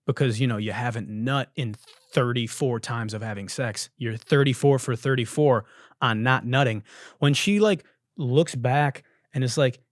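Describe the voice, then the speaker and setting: A man's voice: mid-range voice, moderate pace, no echo, clean studio sound. Profane, riffing young male podcast host. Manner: profane, laughing, animated riffing. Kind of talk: casual comedic commentary on viral videos.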